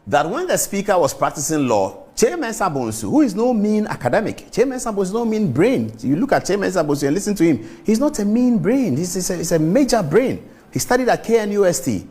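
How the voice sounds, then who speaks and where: A man's voice: big pitch swings, fairly quick, mellow, slightly rough. A man with a Ghanaian accent hosting a morning show, delivering emphatic, repetitive opinion commentary. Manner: emphatic, repetitive scolding, big pitch swings.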